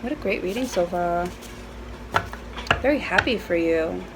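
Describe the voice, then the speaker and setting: Slow-talking woman giving a casual tarot reading. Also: on the low side, lively intonation, very noisy. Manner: chatty, profane and playful. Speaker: tarot reader. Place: at home.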